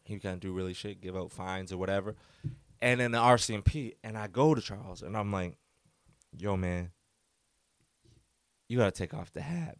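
A man hosting a solo podcast, telling a story in a rambling, animated way full of "like.". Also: on the low side, no room sound, studio quality. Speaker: podcast host. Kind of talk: casual storytelling.

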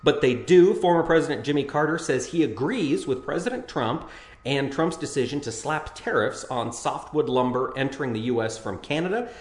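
A man's voice: a little high, expressive, moderate pace, reverberant. A man co-hosting a farm news talk show, chatting casually and reading grain market figures in a folksy way. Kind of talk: casual radio chat and market report.

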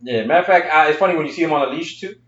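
A man's voice: on the high side, rapid-fire, a bit bright, echoey room, distant mic, highs cut off. A man co-hosting a casual podcast, joking around in loose, profane banter. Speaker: podcast co-host.

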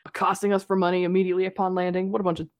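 A woman's voice: on the low side, flat delivery, racing, a little mellow, no echo, studio quality. A woman playing a tabletop game, blunt and joking as she speaks in character. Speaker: player.

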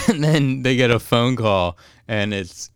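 A male podcast co-host casually recaps a cartoon episode, laughing often and quoting lines in quick put-on voices. His medium-pitched voice is expressive, clear, and resonant, captured in clean studio sound with no room noise.

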